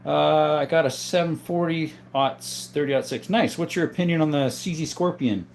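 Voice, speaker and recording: Man from southern Arizona, livestream host, slightly high voice, reads viewer questions aloud and answers in an easygoing, chatty way. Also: normal speed, creaky, darkish tone, slight background noise. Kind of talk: casual live-chat talk.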